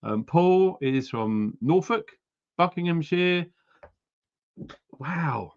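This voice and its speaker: A man's voice: fairly high pitch, expressive, very slow, clean tone, dull audio. Chatty man hosting a livestream. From United Kingdom. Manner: chatty, reads viewer names and places aloud, frequent ums. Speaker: livestream host. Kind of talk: casual livestream chat.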